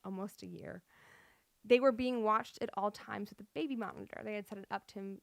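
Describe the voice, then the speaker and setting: A woman's voice: mid-range voice, fairly even intonation, a little fast, vocal fry, dry recording. A young adult woman hosting a podcast, telling a true-crime story with nervous laughs and apologetic asides. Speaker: podcast host.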